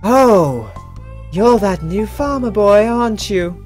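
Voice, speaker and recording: A man voicing a vain, teasing young woman, reading game dialogue in a higher, drawn-out voice. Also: animated, a little mellow, soft background music. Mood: snooty.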